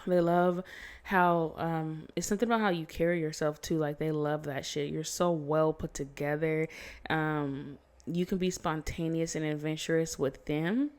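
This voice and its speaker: A woman with a slightly low voice gives a casual tarot reading on a phone mic. She talks in a chatty, blunt way, swears freely and laughs often. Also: fairly even intonation, normal speed, a little mellow. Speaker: tarot reader.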